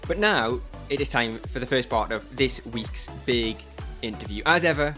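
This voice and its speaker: Chatty podcast host, light music bed. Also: male voice, medium pitch, animated, moderate pace, pushed and bright. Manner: chatty, laughs a lot while telling stories. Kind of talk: casual chat.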